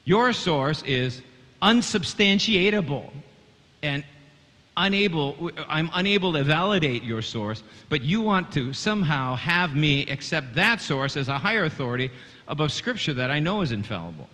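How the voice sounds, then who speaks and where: Bright-voiced man preaching in a reverberant hall. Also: a little high, big pitch swings, normal speed. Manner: earnest, stumbling on fillers and restarts; addresses a congregation, asks them to repeat. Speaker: Bible teacher. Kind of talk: sermon teaching.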